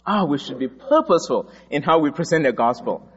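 A man's voice: on the high side, very animated, a little fast, a bit bright, breathy edge. A man from Africa preaching a sermon, telling stories and stressing his points with emphasis. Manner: storytelling, emphatic. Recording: dull recording in a large echoing hall.

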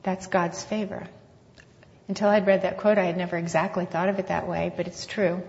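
Woman, Christian speaker, earnest and measured, long hall echo, muffled lo-fi recording. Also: on the low side, little pitch movement, gravelly, a little mellow. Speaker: conference speaker. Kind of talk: Christian talk with scripture reading. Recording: long hall reverb, dull lo-fi sound.

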